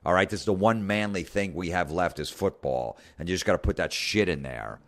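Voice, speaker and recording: Deep-voiced man on a profane rant. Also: a little fast. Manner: profane, sarcastic, mocking impressions. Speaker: podcast host. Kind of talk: comedic rant.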